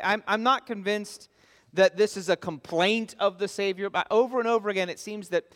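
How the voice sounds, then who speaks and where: A man's voice: high voice, fairly bright tone. A pastor preaching an expository sermon, earnest and emphatic as he stresses his key points. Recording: long reverb of a large hall.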